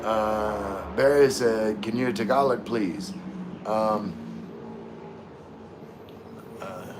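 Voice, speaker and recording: A man's voice: fairly low pitch, very slow, pauses often, slight background noise. A man hosting a casual live stream, reading viewer comments aloud in an easygoing way with frequent laughs. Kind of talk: casual livestream chat.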